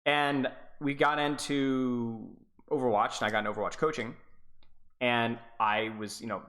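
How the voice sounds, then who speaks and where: A man chats casually on a live stream as an esports coach. His voice is bright and forward, and he rambles, stutters and restarts his sentences as he goes. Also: mid-range voice, fairly even intonation, normal speed.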